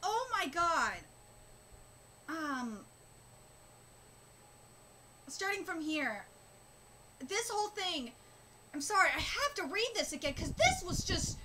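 A woman streamer reacting live, her voice very high and bright. She gushes emotionally and sounds close to tears. Her talk comes in halting bursts full of fillers and restarts. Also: very animated, slight background noise, low-quality recording. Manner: emotional, gushing, on the verge of tears.

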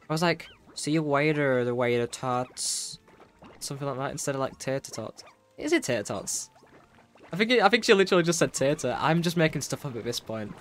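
An excitable young man narrates his gameplay in a chatty, rambling way. His voice sits a little high. Faint game music runs in the background. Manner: excitable, chatty, full of fillers and self-talk. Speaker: gameplay streamer. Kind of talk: casual gameplay commentary. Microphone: desk microphone with keyboard noise.

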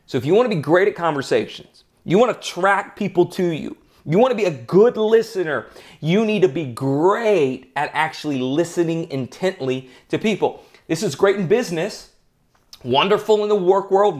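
Earnest higher-voiced man giving a motivational talk. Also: animated, brisk. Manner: earnest, emphatic, tells anecdotes. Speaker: podcast host.

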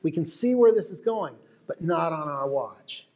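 This is an American wildlife photographer lecturing before a live audience. His fairly high, darkish voice is expressive and a little slow, and he tells his stories in a chatty manner with asides to the crowd.

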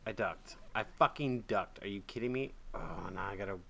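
A man giving casual gameplay commentary, excitable and swearing, jumping between loud yelps and muttered grumbles. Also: lowish voice, normal speed, vocal fry, music in the background. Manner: swears and trash-talks the game. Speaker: gaming channel host.

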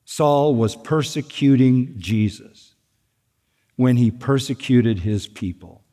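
A man preaching a sermon as pastor, emphatic, slowing down to stress key points. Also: mid-range voice, mellow. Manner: emphatic preaching, slows down for weight. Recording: long hall reverb.

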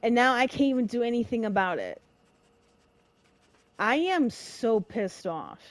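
A young woman giving emotional, dramatic let's-play commentary in casual slang, reacting loudly to what happens in the game. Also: fairly high pitch, big pitch swings, unhurried, dry recording. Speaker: gamer.

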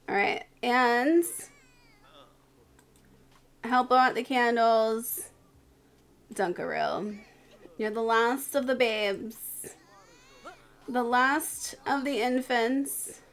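A woman's voice: on the high side, drawn-out words, pauses often, fairly bright tone. A tired woman streamer giving live commentary on her game, chatting to her characters as she plays.

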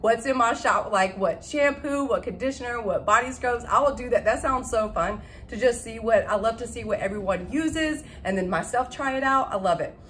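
A young woman chatting casually to camera about her shopping haul, excitable and laughing at her own slips. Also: fairly high pitch, slight background noise. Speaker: vlogger showing a shopping haul. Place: at home.

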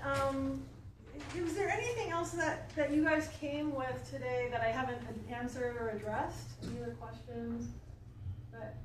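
A woman coach talks earnestly and casually to a small group, her high voice full of fillers and friendly asides. The recording is very echoey and taken from far off, with a faint hum underneath. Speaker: life coach and speaker. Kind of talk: motivational talk to a small audience. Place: library event room.

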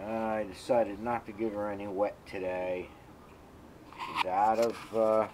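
Man, home pet video, slow unhurried delivery, doting and rambling. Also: lowish voice, background noise. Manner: coos doting baby talk at pets, rambling asides. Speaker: pet owner filming his cats. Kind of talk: casual home video chat.

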